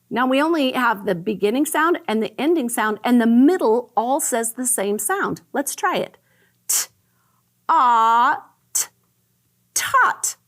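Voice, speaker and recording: A woman teaching a phonics lesson to young children, sounding out letter patterns slowly and praising often. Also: on the high side. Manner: slow, exaggerated sounding out of letters; cheerful praise and questions to the listener. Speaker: first grade teacher.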